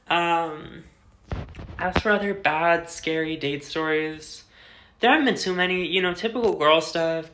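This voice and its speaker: A woman's voice: low voice, a bit bright. A young adult woman telling a casual storytime vlog, chatty and full of fillers, swearing freely. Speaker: vlogger. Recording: roomy echo.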